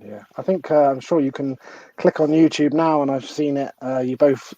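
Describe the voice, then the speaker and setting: A man's voice: mid-range voice, fairly even intonation, moderate pace, mellow, no room sound, highs cut off. A male host running a casual live interview, reading viewer questions and laughing often. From United Kingdom.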